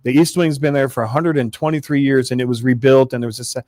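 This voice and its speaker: A man's voice: mid-range voice, fast talker, a little mellow, no room sound. A man co-hosting a talk show, earnest and asking callers questions. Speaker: co-host. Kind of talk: casual radio talk.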